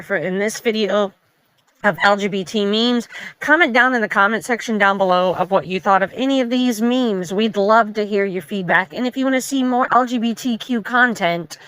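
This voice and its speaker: A woman's voice: medium pitch, moderate pace, fairly bright tone, smooth, dry recording, low-quality recording. A woman hosting a casual meme reaction video, chatty and opinionated, reading the memes aloud.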